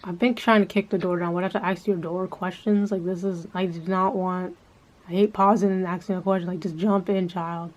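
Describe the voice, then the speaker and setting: A woman's voice: lowish voice, steady tone, brisk, darkish tone. A woman talking in a casual, rambling monologue, swearing freely and filling her speech with filler words. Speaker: vlogger. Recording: dull lo-fi sound with faint background noise.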